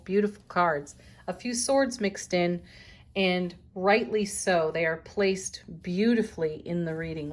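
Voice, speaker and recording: A woman giving a daily tarot card reading, speaking in an unhurried, affirming way with spiritual phrasing and soft laughs. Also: lowish voice. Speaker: tarot reader.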